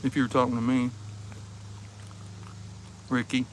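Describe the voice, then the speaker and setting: An easygoing man from Ohio chats with viewers on a livestream while he sits outside at his table. His voice sits at an ordinary middle pitch, his manner relaxed and joking, with a soft chuckle never far off. A faint hush of outdoor noise runs under the recording. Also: a little slow. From Ohio, USA. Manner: laid-back, chuckling often, easygoing and joking. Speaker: livestream host. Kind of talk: casual livestream chat. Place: outdoors behind the house, with insects.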